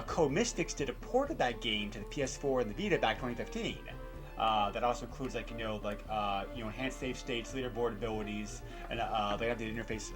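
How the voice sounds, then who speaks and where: A man hosting a gaming podcast, talking in a halting way full of uhs and ums. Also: mid-range voice. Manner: halting, lots of uh and um. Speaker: podcast host. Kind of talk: casual podcast chat.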